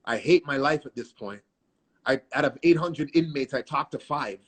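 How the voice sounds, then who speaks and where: A man with a husky, slightly grainy voice recounts his past in an interview. He talks in animated, profane street slang at a middling pitch. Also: moderate pace. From Canada. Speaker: guest artist. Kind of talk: storytelling interview.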